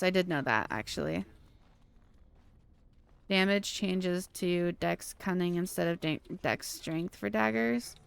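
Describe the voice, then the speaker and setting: A woman's voice: fairly low pitch, vocal fry, fairly bright tone, clear, resonant tone. A woman streaming a video game, chatting casually and venting her frustration while reading chat aloud.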